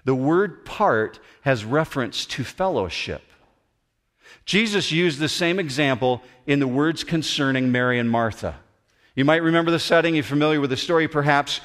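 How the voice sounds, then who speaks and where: A man preaching a sermon as pastor, animated and acting out the voices he quotes. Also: fairly high pitch, normal speed. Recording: long hall reverb.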